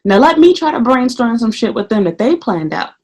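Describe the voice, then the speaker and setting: A woman vlogging casually, venting heatedly about her work as a teacher and swearing freely, her voice a little hoarse. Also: on the high side, very animated, a little fast, darkish tone. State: slightly hoarse. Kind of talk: casual ranting vlog.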